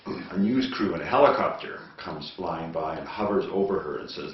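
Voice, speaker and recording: A man from Canada telling jokes in a dry, deliberate way, recorded from a distance in an echoey space. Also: a bass voice. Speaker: joke teller. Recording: distant, echoey, muffled with faint hiss.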